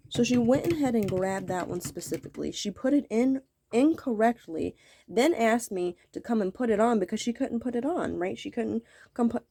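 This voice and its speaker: A woman's voice: fairly high pitch, animated, moderate pace, creaky, noisy background. A woman telling a story to her viewers as an angry rant, swearing constantly and repeating herself. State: irritated. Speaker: vlogger.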